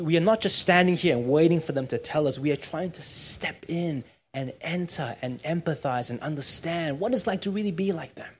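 A man's voice: fairly high pitch, slightly rough. A man preaching a sermon in church, conversational and often checking in with his listeners. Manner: conversational, often asks "right?".

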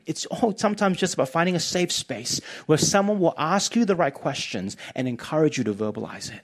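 A man's voice: on the high side, very animated, a little fast. Earnest male pastor preaching. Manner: earnest, pastoral, repeats words when starting a thought. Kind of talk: sermon.

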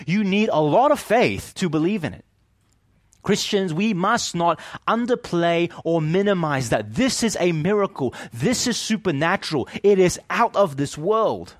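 A man preaching a sermon as pastor, animated and often asking his listeners questions. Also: fairly high pitch, measured pace, no echo, clean studio sound.

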